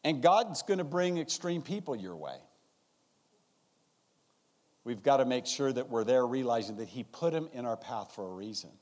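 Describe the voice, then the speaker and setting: A man's voice: medium pitch, moderate pace, long pauses. A man and guest pastor preaching a sermon in a church service, acting out his stories. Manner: animated storytelling, acting out scenes.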